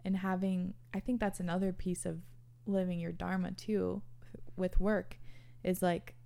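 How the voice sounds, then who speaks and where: A woman's voice: fairly low pitch, flat delivery, unhurried, creaky, dark tone. A woman hosting a casual podcast conversation, earnest and swearing casually, with laughter now and then. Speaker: podcast host.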